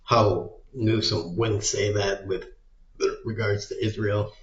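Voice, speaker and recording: A man's voice: on the low side, fairly even intonation, slow pace. A man ranting casually with plenty of profanity, rambling and muttering as he goes. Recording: echoey room, dull lo-fi sound.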